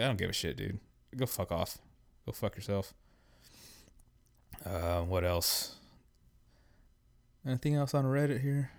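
Male podcast host, 30s, lowish voice, profane casual rant, dry room. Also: clear, resonant tone, dry recording. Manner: profane, blunt, ranting. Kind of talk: casual solo ranting podcast.

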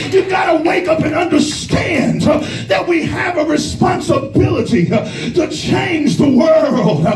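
A middle-aged man, a pastor, preaching a sermon in a shouting, rhythmic style with much repetition. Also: extremely high pitch. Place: church sanctuary. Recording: roomy church hall with live crowd and music, mic at a distance.

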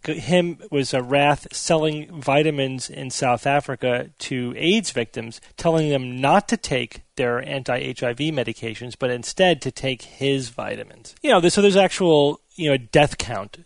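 A man hosts a casual chat podcast, talking through the news in an unhurried, explanatory way. His voice has a gravelly edge to it. The recording is dry and close, with no room sound. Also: mid-range voice, dry recording. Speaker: podcast host.

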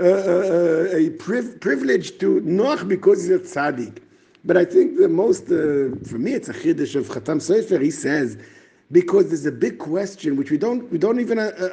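A man giving a lively Torah lesson, asking rhetorical questions and restarting his sentences often. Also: high voice, creaky. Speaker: yeshiva teacher. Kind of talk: Torah lesson on the weekly portion.

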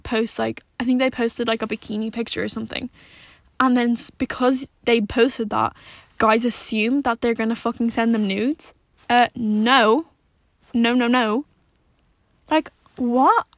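A young woman vlogs from her car, blunt and exasperated, with frequent swearing and a constant stream of "like." Her voice sits a little high and carries a gravelly fry. The sound is close and dry, with no room echo. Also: steady tone. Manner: blunt and exasperated, swears a lot, fills every pause with "like". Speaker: vlogger. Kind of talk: casual rant to camera. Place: sitting in a parked car.

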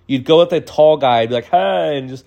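A man's voice: mid-range voice, muffled recording. A man in his thirties doing a comedic storytelling monologue, rambling with lots of "like" and "dude.". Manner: animated, jumps into quick voices. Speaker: podcast host.

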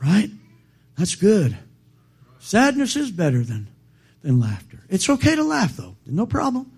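A man preaching a sermon, quoting scripture and calling for amens, with halting restarts that build to loud, emphatic peaks. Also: sits high, wildly swooping pitch, slightly rough. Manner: quotes King James scripture, calls for amens.

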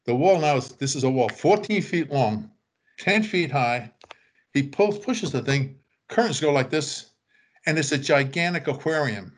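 A man's voice: a little high, expressive, a little slow. An older man telling rambling anecdotes in casual chat, acting out quoted voices and chuckling. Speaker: author telling stories.

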